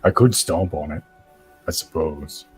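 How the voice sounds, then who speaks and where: A man playing a tabletop game, speaking in an easygoing, soft-spoken way. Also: extremely low pitch, measured pace, slightly rough, faint music behind. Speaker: player. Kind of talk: casual tabletop play.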